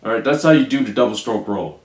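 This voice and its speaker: A man teaching drum rudiments, calling out stickings and counting beats aloud slowly. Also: lowish voice, lively intonation, loud music behind the voice. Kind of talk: instructional demonstration. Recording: echoey room with faint noise.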